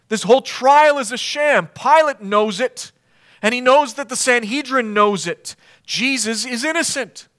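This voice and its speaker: Guy preaching a bible sermon, high voice, keeps pressing w/ rhetorical questions, super earnest. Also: fairly bright tone. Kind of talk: expository sermon.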